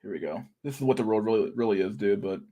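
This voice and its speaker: A man's voice: lowish voice, lively intonation, quick pace, warm tone, dry recording. A young man from Canada, rambling and swearing casually as the host of a livestream chat. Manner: rambling, profane, laughs at memes.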